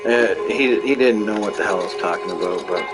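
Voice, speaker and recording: A man's voice: lowish voice, a little fast, poor audio. A man streaming a game, chatting casually in a rambling, storytelling way and swearing freely. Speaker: gaming streamer. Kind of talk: casual chat while gaming. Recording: music playing behind voice. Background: game music.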